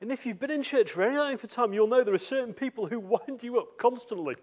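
A man's voice: very high voice, quick pace, a little mellow. A man preaching a sermon, telling a story with acted quotes and many repeated words. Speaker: visiting preacher.

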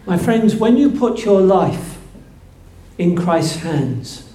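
A man preaching a sermon, slow and emphatic, building to fervent peaks. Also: sits high, big pitch swings, mellow. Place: church. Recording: echoey church room.

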